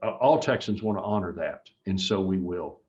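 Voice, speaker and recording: A man's voice: sits low, moderate pace, darkish tone, muffled recording. A man running for office, answering interview questions in an earnest, emphatic way with frequent restarts. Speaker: political candidate.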